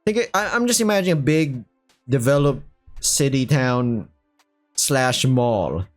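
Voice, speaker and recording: A man's voice: medium pitch, animated, a little slow, faint music behind. Joking young man reading aloud. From Philippines. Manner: loose, joking, swears casually. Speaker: story reader and channel host. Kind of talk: casual reading with side comments.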